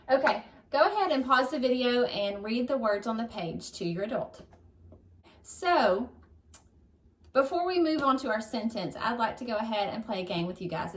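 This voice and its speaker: Encouraging teacher woman, slow and echoey. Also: a little high. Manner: encouraging, upbeat, drawn-out syllables. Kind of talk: recorded phonics lesson for young children. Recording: echoey room, distant mic.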